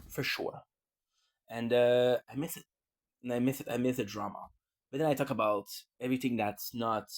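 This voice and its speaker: A man's voice: medium pitch, darkish tone. A man vlogging in a casual, rambling way, often restarting and repeating words. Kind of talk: casual rambling livestream talk.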